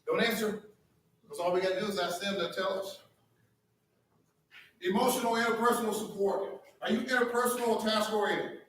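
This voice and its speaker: Man, district leader, high voice, preacher-like, heard from afar in a very echoey hall. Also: steady tone, fairly quick, pauses often, fairly bright tone. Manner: preacher-like, fires rhetorical questions at the crowd. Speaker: school district leader addressing staff. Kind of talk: motivational speech to a live audience. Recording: echoey hall from far off with faint noise.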